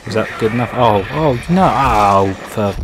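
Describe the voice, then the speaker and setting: A man doing excitable, jokey let's play commentary over a horror game, swearing often. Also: on the low side, a little slow, a little hiss or hum. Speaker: gaming commentator.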